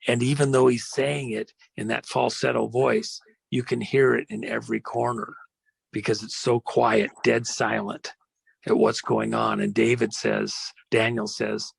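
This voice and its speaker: A man hosting a podcast, retelling an old story as a dramatic monologue with slow emphasis and frequent fillers. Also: medium pitch, level tone, no room sound. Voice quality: gravelly. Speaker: podcast host.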